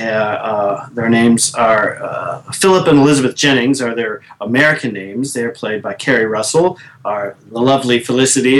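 A man in his thirties co-hosts a podcast in casual chat. He rambles, restarts often and laughs easily. His voice sits at an ordinary middle pitch. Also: fairly bright tone. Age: 30s. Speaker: podcast co-host.

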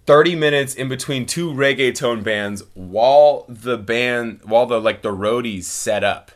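A man, a stand-up comic, chatting casually and telling animated stories, acting out quotes and laughing often. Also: mid-range voice, unhurried. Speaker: stand-up comedian guest. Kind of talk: casual chat, storytelling.

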